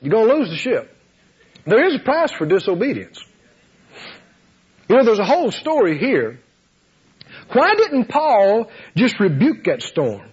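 High, lively preacher. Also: male voice, unhurried, long pauses, slightly rough. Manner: animated, laughing, acts out voices. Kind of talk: sermon. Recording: dull lo-fi sound.

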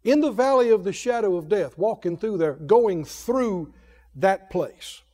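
High-voiced, lively preacher man. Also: in a large hall. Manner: rising to shouted declarations, drawn-out emphatic phrases; leads the congregation to repeat lines. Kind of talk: sermon with call-and-response.

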